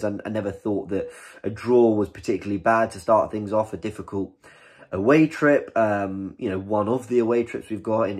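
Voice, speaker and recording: A man with a slightly low voice talks through a football match in a relaxed, candid way. He often restarts his sentences mid-thought and gets excited when he praises a save. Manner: chatty, candid, with frequent restarts. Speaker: football fan channel host. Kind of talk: casual post-match review to camera.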